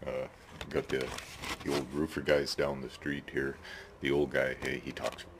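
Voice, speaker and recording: In his home workshop shed, a man with a rumbling low voice rambles chattily about his neighbors and his hobby build, ending sentences with "eh." He speaks at normal speed in a level tone, and a little hiss or hum is audible.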